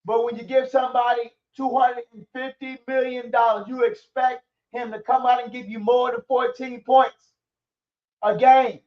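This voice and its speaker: Angry high-voiced man ranting about football. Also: flat delivery, normal speed, recorded from a distance, muffled recording. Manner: profane, heated ranting. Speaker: sports commentary streamer. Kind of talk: angry sports rant.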